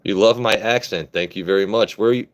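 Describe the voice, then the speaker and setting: A man's voice: lowish voice, quick pace. A man in his late thirties from Maryland, casually chatting and joking with viewers on a phone live stream, loose and profane. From Maryland, USA. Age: 30s.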